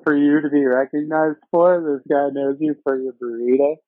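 A man hosting a podcast, relaxed and slangy, laughing along with his guest. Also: fairly high pitch, normal speed, dry recording. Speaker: podcast host. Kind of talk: casual chat. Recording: phone-like dry sound.

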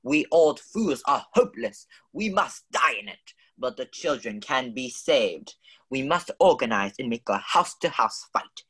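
A man's voice: medium pitch, sing-song, a little slow, fairly bright tone, husky, heavily acted. A man voicing a stuffy, lecturing husband who declaims in a pompous way, as in a radio play.

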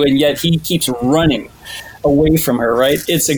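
A man on a casual podcast, retelling a film scene with animated, rambling asides. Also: fairly high pitch, moderate pace. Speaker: podcast co-host.

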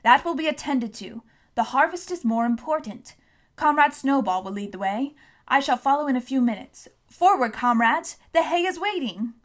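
A woman voicing a commanding, domineering male pig leader in a storybook reading, barking loud orders. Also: high voice, lively intonation, normal speed, pitched above the performer's own voice.

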